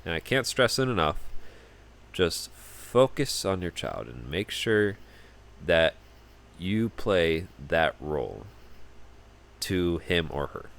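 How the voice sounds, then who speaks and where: A man's voice: deep voice, sing-song, takes it slowly, vocal fry, pauses often, a bit bright. A young man hosting a casual solo podcast, rambling and often repeating words as he starts sentences. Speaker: podcast host.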